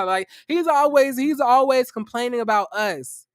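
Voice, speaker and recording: A man giving casual reaction commentary on a reality show, profane and animated, with sassy, theatrical exclamations and dramatic asides. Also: sits high, moderate pace, few pauses, dry recording, clean studio sound.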